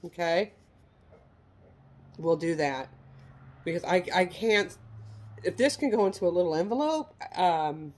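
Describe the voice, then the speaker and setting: Her low voice has a slightly mellow quality. A middle-aged American online reseller, she chats casually while showing handbags for sale, with a folksy, self-deprecating manner.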